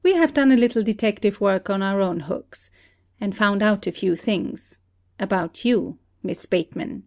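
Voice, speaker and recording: A woman voicing a shrewd country detective who calmly lays out an accusation in a play reading. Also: mid-range voice, natural voice. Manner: steady, deliberate accusing. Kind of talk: amateur audiobook play reading.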